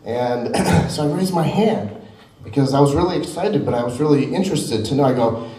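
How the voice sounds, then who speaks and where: Middle-aged guy giving a keynote, mellow voice, chatty asides, roomy hall sound from a ways off. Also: medium pitch, a little fast. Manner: conversational, self-deprecating, with frequent asides. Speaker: keynote speaker. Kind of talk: storytelling keynote speech. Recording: echoey hall, mic at a distance.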